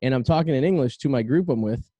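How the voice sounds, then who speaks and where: A man's voice: medium pitch, fast, mellow, no room sound. A man hosting a casual chat show, rambling and crude in his banter. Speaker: podcast host.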